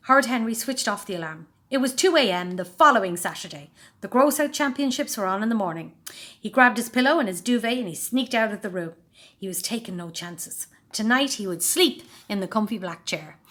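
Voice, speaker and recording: A woman narrating a children's storybook, expressive and voicing every character. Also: mid-range voice.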